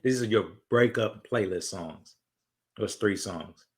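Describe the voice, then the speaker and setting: A young man hosting a casual interview podcast, relaxed and agreeable as he asks questions. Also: on the low side, slow pace. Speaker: podcast host.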